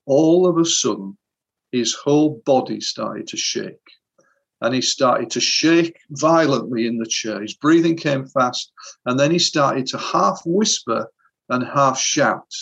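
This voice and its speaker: A hypnotherapist tells a client story in an interview, in an earnest, vivid way. His mid-pitched male voice is gravelly and a bit husky. The audio sounds slightly dull. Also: fairly bright tone.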